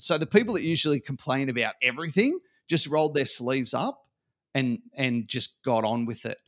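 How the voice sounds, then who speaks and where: Male podcast guest, mid-pitched, conversational storyteller. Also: fairly quick. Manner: animated storyteller acting out quotes.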